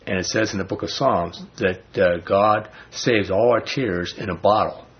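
A man leading a Bible study, reading scripture slowly and then explaining it in loose, casual talk with a husky voice. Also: on the low side. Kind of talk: informal Bible study teaching. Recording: dull lo-fi recording.

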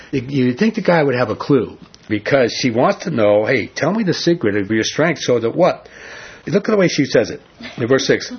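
A man giving an informal sermon, reading scripture slowly and commenting in a rambling, conversational way. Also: mid-range voice, husky. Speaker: preacher. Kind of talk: informal sermon, Bible teaching. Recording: muffled lo-fi recording.

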